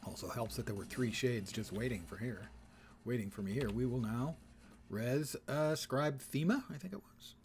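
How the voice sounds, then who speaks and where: A man's voice: mid-range voice, normal speed, a little mellow, slight background noise. A man streaming a game, commenting casually with dry sarcasm and playful wordplay.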